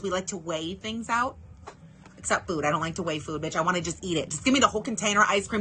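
Young woman makeup vlogger, bright and forward tone, chatty and self-mocking, speaks straight to viewers. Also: mid-range voice, expressive, brisk, a little hiss or hum. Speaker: beauty vlogger. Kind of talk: casual get-ready-with-me chat.

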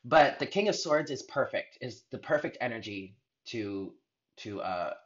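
A man's voice: medium pitch, animated, a little slow, lo-fi sound. A man giving a spiritual tarot reading in an earnest, heartfelt way, rambling with restarts. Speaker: tarot reader.

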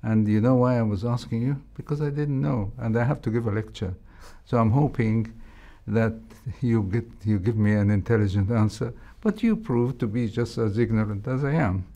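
An older man, a heart surgeon with an Egyptian accent, recalling his training in a reflective interview, speaking in a measured way with frequent hesitations. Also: lowish voice, warm tone. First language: Arabic.

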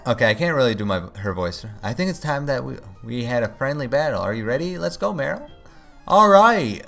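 A man's voice: fairly low pitch, gravelly, a bit bright. A man hosting a let's play, giving casual commentary as he plays and often groaning and pleading at the game.

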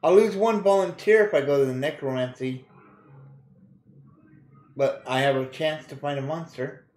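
A man's voice: on the high side, normal speed, a little mellow, reverberant. A man casually commenting on a video game he plays, joking crudely, laughing often and reading game text aloud. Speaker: gaming streamer. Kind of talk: casual let's-play commentary.

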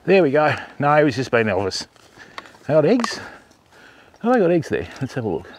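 Lively man coaxing animals. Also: a little high, normal speed, a little hiss or hum. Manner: coaxing animals in a sing-song voice. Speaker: livestream host at a wildlife park. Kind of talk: casual outdoor livestream chat. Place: outdoors at a wildlife park.

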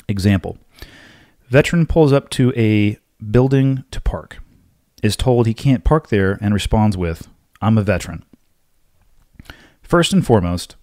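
A man with a fairly low voice hosts a solo podcast, answering listener questions in a blunt, forceful, lecturing way. His voice is recorded close and dry, with no room sound. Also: no echo. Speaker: podcast host.

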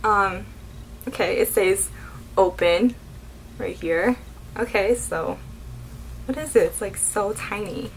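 A woman's voice: medium pitch, slow, pauses often, a little hiss or hum, poor audio. Gushing young woman unboxing beauty goodies. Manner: gushing, excitable, keeps saying oh my god. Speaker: beauty vlogger. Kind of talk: unboxing vlog.

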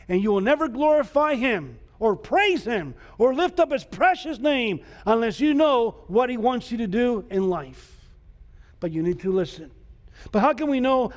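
A man, a pastor, preaching a sermon emphatically, repeating rhetorical questions and moving between loud calls and soft asides. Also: sits high.

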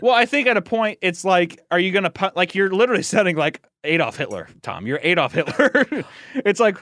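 A man co-hosting a podcast in casual chat, animated and often laughing, acting out film lines as he talks. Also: high-pitched, brisk, no room sound, clean studio sound. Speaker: podcast co-host.

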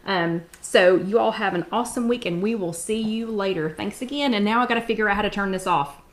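A middle-aged woman, hosting a live-stream chat at home in a bubbly, excited way. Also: medium pitch. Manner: bubbly and excited, drawn-out exclamations. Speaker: host.

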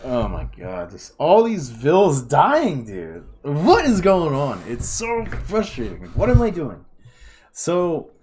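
A man's voice: a little high, very animated, moderate pace, a little mellow, faint music behind. A tired young man commenting on a replay of his own game, self-critical and groaning at his mistakes. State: tired, yawning. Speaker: gaming video creator.

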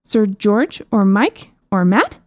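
A woman's voice: mid-range voice, very animated, slow pace, dry recording. A woman voicing a young noble princess in an audiobook, speaking in eager, formal old-style questions. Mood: puzzled. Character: young noble princess, chatty and impatient, locked in a cage. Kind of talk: audiobook character voice.

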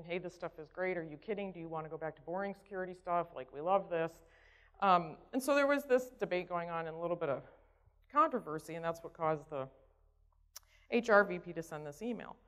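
A woman telling a story at a conference, chatty and conversational, often checking in with the audience. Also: lowish voice. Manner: conversational, keeps asking "right?". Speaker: conference speaker. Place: conference hall stage. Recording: dull sound in a reverberant hall.

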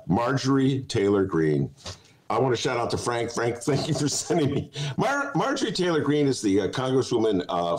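A man's voice: medium pitch, poor audio. A man hosting a talk show, giving casual comic commentary in a digressive way and often breaking into laughter.

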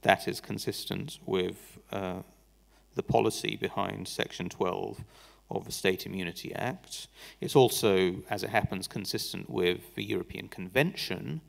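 A barrister delivers a lecture at a legal seminar in a lowish, creaky voice. His manner is dry and critical, and he frequently restarts his sentences.

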